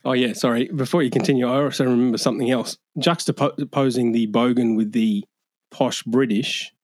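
Brief: Australian male guest, mid pitch, easygoing chatter, dry sound. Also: steady tone, moderate pace, a little mellow, no room sound. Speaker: podcast guest. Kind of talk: casual chat.

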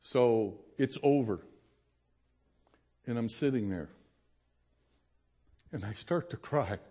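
A man's voice: mid-range voice, slow pace, dark tone. A man pastor giving a sermon testimony, telling his story with animation and acting out the voices of people he quotes.

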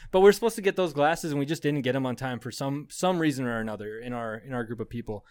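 A man's voice: mid-range voice, fast talker, darkish tone, clean tone, no echo, studio quality. A young adult man, a podcast co-host, telling a rambling story in casual chat, swearing often and laughing as he goes.

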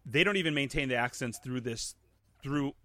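A man co-hosting a casual chat, telling animated stories and laughing often. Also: medium pitch, normal speed, no room sound. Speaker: podcast co-host. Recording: noticeable background noise.

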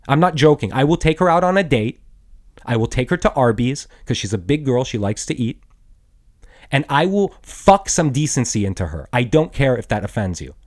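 A young man delivers an angry, profane rant in a rambling monologue. His voice jumps from high, loud bursts down to low mutters, and he keeps restarting his sentences. Blunt and crude throughout. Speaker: podcast host.

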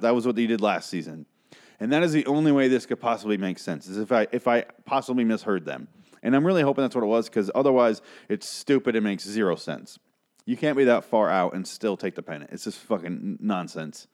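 A man's voice: on the low side, darkish tone. Rambling, exasperated guy ranting. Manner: exasperated, profane, rambling with frequent asides. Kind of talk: casual rant about an old TV episode.

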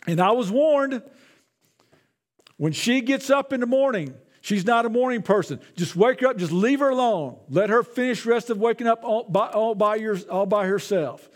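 A man's voice: sits high, moderate pace. A man, a pastor, preaching a sermon in a conversational way, often repeating his words.

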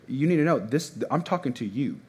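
A man in his thirties preaching a sermon in a church, casual and conversational with sudden loud bursts. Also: medium pitch, expressive, brisk, a little hiss or hum. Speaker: pastor. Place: church hall before a congregation.

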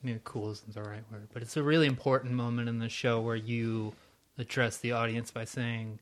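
A man's voice: medium pitch, level tone, moderate pace. Thoughtful man hosting an interview. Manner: supportive, brief affirmations, thoughtful. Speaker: podcast host. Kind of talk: casual interview chat.

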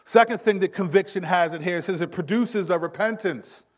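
A man in his thirties preaching a sermon in a conversational style, acting out quick quotes. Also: high-pitched. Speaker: pastor.

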